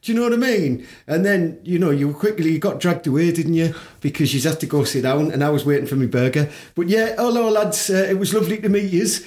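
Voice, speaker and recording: A man rambles through comic podcast banter, often opening with "well, aye". His voice sits high for a man. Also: a little fast, hardly any pauses, darkish tone. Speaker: podcast co-host.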